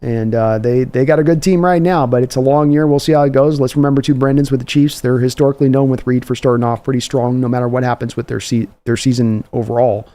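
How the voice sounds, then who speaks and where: A man's voice: mid-range voice, steady tone, fast, hardly any pauses, dark tone. Man analyzing a football game live. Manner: conversational analysis with frequent fillers. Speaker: host of a live sports reaction stream. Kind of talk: live play-by-play reaction and chat replies.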